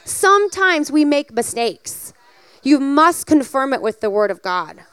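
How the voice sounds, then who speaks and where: A woman preaching a sermon, telling a personal story in a lively, animated way and building to emphatic exhortation. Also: high voice, a little slow, no room sound.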